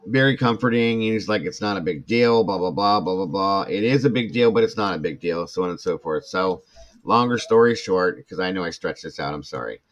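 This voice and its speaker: A man's voice: sits low, brisk. Older rambling man, dull lo-fi mic. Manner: rambling, acts out quoted speech. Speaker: podcast host. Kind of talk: casual storytelling chat.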